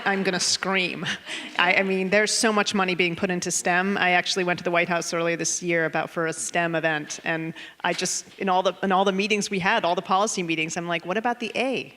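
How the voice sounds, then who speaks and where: A woman's voice: on the low side, fairly even intonation, fairly quick, pushed and bright. A woman from the United States speaking as a panelist, emphatic and frustrated.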